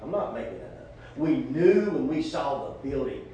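A man's voice: medium pitch, big pitch swings, moderate pace, vocal fry, hardly any pauses, mellow, reverberant, slight background noise. A man preaching a sermon in a folksy, rhetorical, joking storytelling manner.

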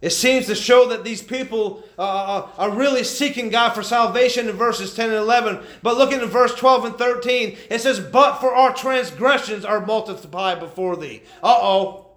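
Male pastor, high voice, fervent preaching that rises and drops, echoey church room. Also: normal speed. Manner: impassioned preaching that swings between loud and hushed. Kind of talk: sermon.

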